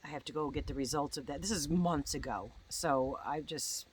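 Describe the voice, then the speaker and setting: A woman's voice: low-pitched, moderate pace, slight background noise. A woman in her sixties, a crochet vlogger, rambling in casual chat at home and often breaking off her own sentences. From United States. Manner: chatty, meandering, self-interrupting.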